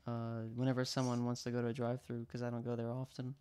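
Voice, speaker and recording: Smooth and darkish, this livestream host's mid-range voice runs monotone at a quick pace. The Louisiana man keeps things casual with a guest, full of jokes, frequent laughter, and playful back-and-forth.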